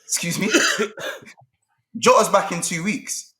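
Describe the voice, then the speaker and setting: Taking it slowly, a young man with a high, bright, forceful voice rants about football as a panelist. The debate is heated but casual, and he keeps repeating his points in frustration.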